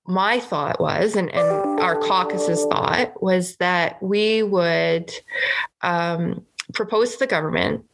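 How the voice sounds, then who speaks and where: Low gravelly woman, earnest political chat. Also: slow, soft background music. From Canada. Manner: earnest, indignant, lots of "like" fillers. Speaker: provincial legislator co-hosting a podcast.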